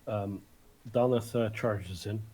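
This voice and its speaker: A man playing a tabletop game, describing his character's attack hesitantly with many pauses and fillers. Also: fairly low pitch, warm tone, slightly rough. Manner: hesitant, many ums and uhs. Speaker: player.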